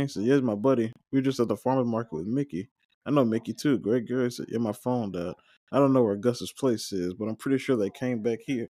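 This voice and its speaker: A man hosting a watch-along, recapping scenes and reading out the characters' lines with quick joking asides. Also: mid-range voice, mellow, no room sound, clean studio sound. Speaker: watch-along podcast host. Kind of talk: casual recap, reading dialogue aloud.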